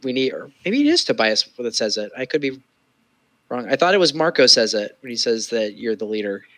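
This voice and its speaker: A man's voice: mid-range voice, very animated, a little fast, fairly bright tone, rough recording. A man co-hosting a casual watch-along, chatty and joking, often laughing. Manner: chatty, jokey, laughs a lot. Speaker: co-host. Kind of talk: casual chat while watching a show.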